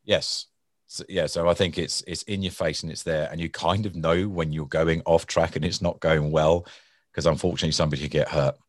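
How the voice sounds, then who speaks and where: A man's voice: very deep voice, fairly quick, dry recording, studio quality. A man talking about negotiation in a conversational interview, often acting out angry people and restarting his words. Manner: animated storytelling, acts out angry people. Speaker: guest, former hostage negotiator.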